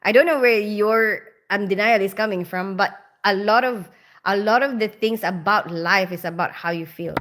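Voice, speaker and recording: A woman's voice: mid-range voice, moderate pace, fairly bright tone. A woman in her forties who grew up in the Philippines, hosting a casual livestream and chatting with viewers, often laughing. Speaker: livestream host. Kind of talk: casual livestream chat reading comments.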